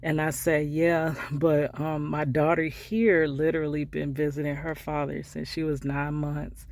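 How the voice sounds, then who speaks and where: A middle-aged woman vlogger telling a personal story in a heartfelt, conversational way, sometimes dropping to hushed asides. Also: sits low, little pitch movement, unhurried, no room sound.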